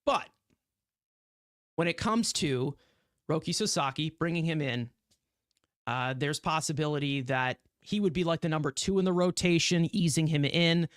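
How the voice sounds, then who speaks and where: A man's voice: fairly high pitch, moderate pace, long pauses, no room sound, studio quality. A man co-hosting a sports podcast, speculating casually about baseball trades and thinking aloud with fillers. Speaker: podcast co-host.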